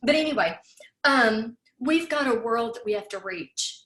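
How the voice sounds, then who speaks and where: A woman's voice: on the high side, animated, unhurried, fairly bright tone, echoey room. A woman giving a heartfelt, tearful farewell speech as host of an online talk, repeating her words and saying y'all.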